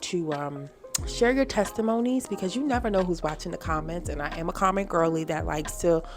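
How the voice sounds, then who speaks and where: Woman, lively storytelling vlog, lowish voice, music playing underneath. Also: fairly quick. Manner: animated, expressive, faith-filled testimony. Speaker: vlogger. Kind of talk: casual storytime chat.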